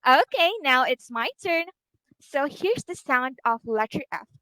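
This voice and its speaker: A woman teacher with a Filipino English accent, giving a slow, encouraging online phonics lesson to a child and modelling each sound for her. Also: sits high, animated, bright, forceful tone, dry recording, low-quality recording.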